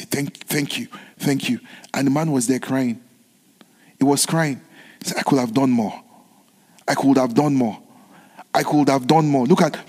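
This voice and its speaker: A man's voice: medium pitch, darkish tone, long reverb tail. A man preaching a sermon, repeating key phrases with emphasis and calling on the congregation to respond.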